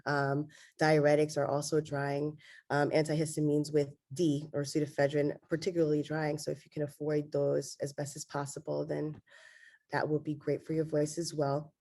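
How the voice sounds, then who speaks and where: A woman's voice: deep voice, moderate pace. A woman laryngologist giving an online medical lecture, with a congested, nasal voice and frequent "um"s. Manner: steady explanatory delivery with frequent fillers.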